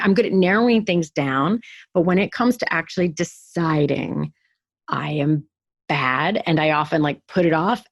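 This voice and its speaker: A woman's voice: sits low, no room sound, clean studio sound. A woman co-hosting a podcast, telling a story in casual chat with lots of filler words. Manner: chatty storytelling with many "like" fillers. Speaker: podcast co-host.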